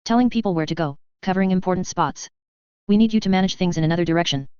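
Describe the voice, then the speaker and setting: A woman voicing a blunt, skeptical young woman in an audiobook, with a low, smooth voice on a dull, dry recording. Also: very fast, dark tone, no echo, close to an everyday voice. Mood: brisk. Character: odd-accented young woman, guarded, blunt.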